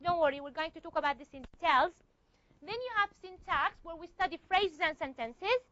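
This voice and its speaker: A woman's voice: extremely high pitch, animated, fairly quick, fairly bright tone, no echo. A woman teaching a university linguistics class in a classroom, explaining step by step and checking in with her students. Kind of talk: classroom lecture. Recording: slightly muffled lo-fi recording.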